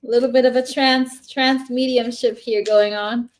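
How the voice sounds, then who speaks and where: A woman's voice: on the high side, steady tone, moderate pace. A woman giving a casual live tarot reading, chatty and rambling, often restarting her sentences. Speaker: tarot reader.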